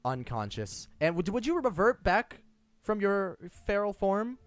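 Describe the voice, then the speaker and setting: A young man narrating as game master, lively and quick with small stumbles. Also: high-pitched.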